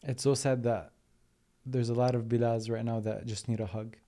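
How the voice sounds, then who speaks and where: A male interviewer asks soft, reflective questions at an unhurried pace. His delivery stays level and even, and his voice is very dark and mellow. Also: medium pitch. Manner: gentle, slow, reflective questioning. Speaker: podcast host.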